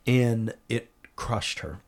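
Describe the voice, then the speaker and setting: Earnest man telling an animated story. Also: mid-range voice, slow pace. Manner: earnest, animated retelling with frequent restarts. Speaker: interview guest. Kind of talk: conversational storytelling.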